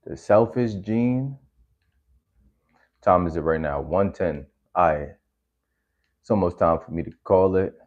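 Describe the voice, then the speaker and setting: Laid-back low-voiced man streaming. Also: a little slow, long pauses. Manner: laid-back, rambling, slangy. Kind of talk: casual stream chat reacting to videos. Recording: slightly dull lo-fi audio.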